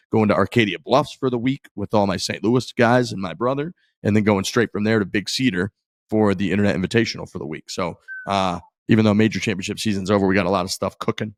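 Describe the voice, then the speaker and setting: A man co-hosting a golf podcast in relaxed casual chat, wrapping up the episode. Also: lowish voice, quick pace, dry recording, studio quality. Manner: relaxed, wraps up the show. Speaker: podcast co-host.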